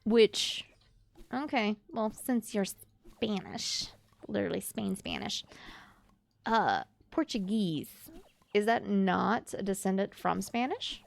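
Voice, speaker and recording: A woman's voice: medium pitch, slow pace, creaky. A woman from Louisiana chatting with her stream chat while she plays a game, musing and reading comments aloud.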